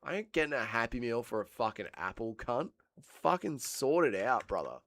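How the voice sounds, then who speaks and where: A man's voice: mid-range voice, big pitch swings, normal speed, a bit bright, slight background noise. Crude, rambling Australian man with cold. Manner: crude, swearing, rambling banter. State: has a cold. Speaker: livestream host. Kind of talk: casual chat reading live chat.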